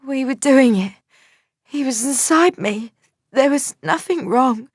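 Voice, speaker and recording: A woman reading an audiobook, voicing a young woman in shock whose cries come out high and strained. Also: lively intonation, slow, slightly rough, dry recording, studio quality, full character voice. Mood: frantic. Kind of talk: audiobook character voice.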